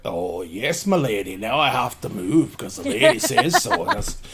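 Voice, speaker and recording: A game master voicing a put-upon man who mutters sarcastic complaints in a low voice. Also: huge pitch swings, normal speed, a bit bright. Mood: sulky. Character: grumbling, put-upon man named Tuck.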